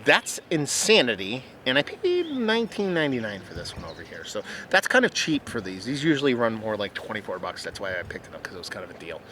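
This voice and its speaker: A man's voice: on the low side, wildly swooping pitch, fast talker, hardly any pauses, sharp tone. Male beer reviewer, casual and chatty, talks to camera outdoors and often restarts himself; faint background noise. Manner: rambling, chatty, stumbles and restarts. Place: outdoors at a rural home. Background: birds and outdoor sounds.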